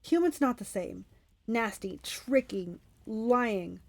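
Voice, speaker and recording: A woman's voice: fairly high pitch, animated, slow pace, vocal fry, darkish tone, heavily acted. A woman voicing a huge, brutish, one-eyed male Cyclops who bellows in broken, simple speech. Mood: pleading.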